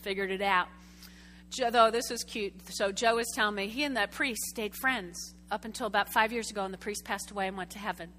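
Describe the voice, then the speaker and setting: A woman preaching a sermon to a congregation, telling a story with lively, chatty asides and questions to the room. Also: medium pitch, a little fast, few pauses, a little hiss or hum. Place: church sanctuary before a congregation.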